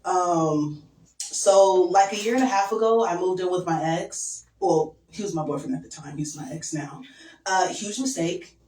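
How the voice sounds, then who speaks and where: A young woman doing a stand-up set, crude and deadpan, with lots of "um" and "like". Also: fairly low pitch, normal speed. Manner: crude, deadpan, filler-heavy. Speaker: stand-up comedian. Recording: echoey room from far off.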